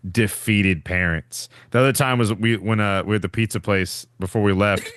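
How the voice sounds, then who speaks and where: A man's voice: lowish voice, moderate pace, a bit bright, dry recording, studio quality. A man with a Southern US accent, co-hosting a podcast in casual chat, joking and swearing in short remarks. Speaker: podcast co-host.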